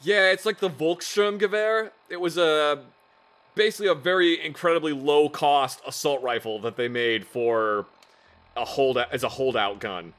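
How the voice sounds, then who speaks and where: A man's voice: a little high, normal speed, fairly bright tone. A young man joking and improvising silly bits while playing a game with a friend. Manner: jokey, improvising silly sketches. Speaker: gaming video host. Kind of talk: casual gameplay banter.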